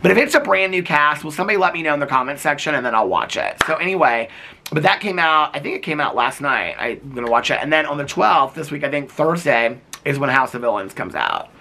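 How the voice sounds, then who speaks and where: A young man in a casual vlog, chatting in an animated, gossipy way with exasperated asides. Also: fairly high pitch, fast, vocal fry, slight background noise. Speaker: vlogger reviewing reality TV. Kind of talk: casual chat to camera.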